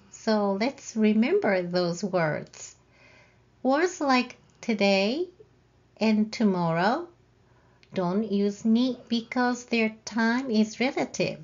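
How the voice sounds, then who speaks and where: A woman teaching a language lesson, explaining grammar patiently and saying example sentences out loud. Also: a little high, dull audio. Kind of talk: slow, careful lesson explanation.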